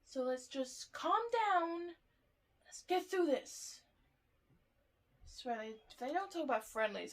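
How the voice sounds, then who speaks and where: A woman's voice: high voice, expressive, measured pace, pauses often. A young woman ranting heatedly in a casual monologue, swearing and exasperated while reacting to a podcast.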